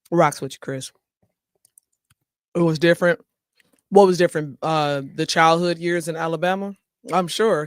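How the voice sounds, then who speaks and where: A man's voice: a little high, dry recording. Chatty male talk show host, dry sound. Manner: chatty, laughs often, talks to viewers directly. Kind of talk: casual chat, reading viewer comments aloud.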